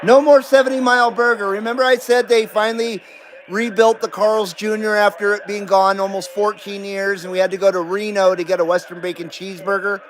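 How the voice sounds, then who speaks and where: A man's voice: sits high, flat delivery, fairly quick, a little hiss or hum, rough recording. A middle-aged man hosting a CB radio livestream, chatting casually and rambling with frequent swearing and laughter. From Nevada, US. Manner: laid-back, rambling, swears and laughs often. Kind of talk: casual live-stream chat.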